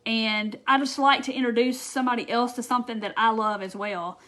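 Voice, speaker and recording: A chatty woman, talking to her viewers on a casual craft live stream. Her voice sits a little high, and she keeps things bubbly and loose, full of "um"s and quick asides. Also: steady tone, a bit bright. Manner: chatty and bubbly, with frequent fillers and quoted asides.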